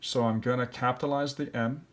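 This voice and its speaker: A man's voice: medium pitch, fairly even intonation, a little fast. Guy teacher going over a worksheet, sounding out letters and syllables. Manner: thinks aloud step by step. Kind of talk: classroom lesson walkthrough.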